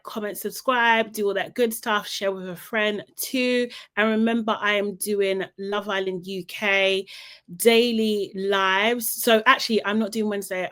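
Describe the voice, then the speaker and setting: Young woman dishing on a reality show episode, chatty and animated, tons of "like" and "you know", mid pitch, laid back gossip vibe. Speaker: reality TV recap vlogger. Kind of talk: casual gossipy recap.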